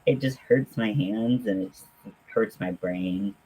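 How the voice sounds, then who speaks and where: A man hosting a casual livestream, chatting in a halting, friendly way with many pauses and fillers while talking to viewers at home. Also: lowish voice, mellow, husky, rough recording. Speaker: livestream host.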